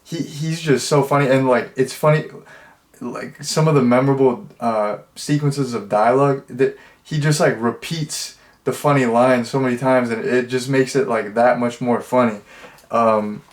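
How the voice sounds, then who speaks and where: A man's voice: mid-range voice, fairly even intonation, normal speed. A young adult man giving a casual, rambling movie review, amused and chatty.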